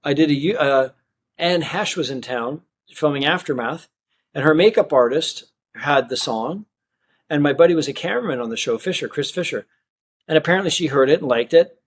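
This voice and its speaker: A man's voice: a little high, a little fast, a little hiss or hum. A man, a magician, telling a long personal story in a casual interview and acting out the people he quotes. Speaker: magician and guest.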